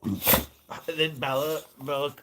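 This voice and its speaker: A man's voice: on the high side, steady tone, slow pace. A man co-hosting a casual livestream at home, coaxing and baby-talking to his pets. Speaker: livestream co-host. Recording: loud background noise.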